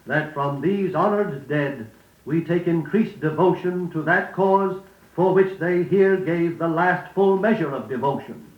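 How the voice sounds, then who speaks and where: A middle-aged male radio announcer giving a formal spoken lesson with measured, distinct enunciation and stately phrasing. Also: on the high side. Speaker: radio announcer narrating a speech course. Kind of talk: formal scripted instruction and recitation. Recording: lo-fi echoey 78rpm record.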